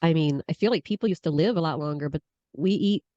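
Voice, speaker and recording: A woman with a slight Southern accent co-hosting a casual talk show, rambling and animated, laughing often. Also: sits low, fast talker, no echo. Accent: Southern US tinge, Michigan. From Michigan. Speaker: podcast co-host. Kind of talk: casual chat. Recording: dull lo-fi sound.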